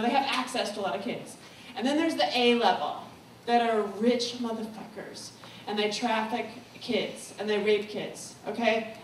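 Woman, stage speaker, blunt and emotional, high voice, echoey far-off room sound. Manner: candid, swearing, swings from solemn to giddy. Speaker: guest speaker. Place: comedy club stage. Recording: echoey room, distant mic, faint noise.

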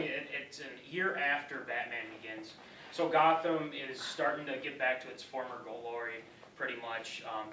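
A young man talks through a class presentation in a casual, rambling way, and his voice is bright. The sound is roomy and echoey, picked up by a camera from across the classroom, with a faint hiss behind it. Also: mid-range voice, far from the mic. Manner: casual, rambling, loose phrasing. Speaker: student presenter.

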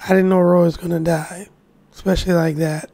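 A woman commenting casually on a video game she is playing, slow and heartfelt. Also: on the low side, little pitch movement, creaky, dark tone, dry recording. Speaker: game streamer. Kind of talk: casual let's-play commentary.

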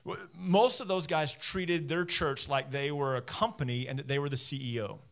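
Animated pastor preaching from the stage. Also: male voice, a little high, moderate pace, creaky. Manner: conversational, animated, talks straight to listeners; self-deprecating humor. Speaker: teaching pastor. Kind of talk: sermon. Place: church stage.

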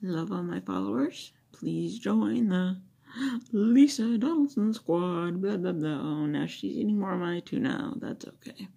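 A woman's voice: fairly low pitch, normal speed, creaky, few pauses, dark tone, slightly rough. A woman vlogger chatting loosely to her phone camera, rambling with many fillers and asides. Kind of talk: casual chat to a phone camera.

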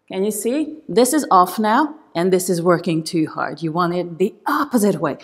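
A woman's voice: on the low side, moderate pace, hardly any pauses. A woman pilates instructor coaching a workout, encouraging and counting reps as she demonstrates, a little out of breath.

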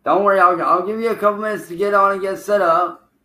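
A man on a livestream hurls taunts and curses at an absent rival, calling him out over and over. His voice sits a little high for a man. The sound bounces around an echoey room. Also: steady tone, fast, pushed and bright. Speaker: streamer. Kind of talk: livestream trash talk.

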